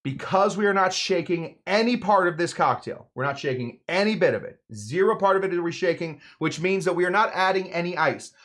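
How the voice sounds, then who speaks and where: A man hosting a live cocktail show, walking through a recipe with playful, rambling jokes and mumbled asides. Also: fairly high pitch. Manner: playful, rambling, swings between loud emphasis and mumbled asides. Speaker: home bartender host. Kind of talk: jokey live cocktail demo.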